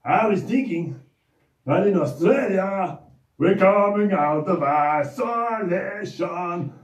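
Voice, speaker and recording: A giddy, boastful show-off who talks about himself in the third person and gushes in clipped, childlike phrases, as a man puts him on. The voice rides high and swoops wildly between shouts and mutters. It sounds far from the mic in a roomy, echoing space. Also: animated, slow. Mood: boastful excited. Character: excitable boastful male character, childlike broken speech. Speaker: regular character of a children's Bible show. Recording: roomy echo, distant mic.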